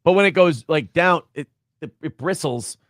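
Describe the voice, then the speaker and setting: A man's voice: fairly high pitch, expressive, normal speed, no echo, studio quality. A man bantering crudely and joking on a casual stream.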